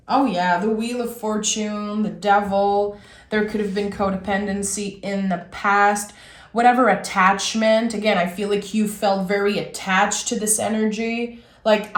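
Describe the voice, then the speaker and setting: A woman giving a casual spoken tarot reading, talking in an earnest, rambling and frank way. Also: medium pitch. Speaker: tarot reader. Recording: roomy echo.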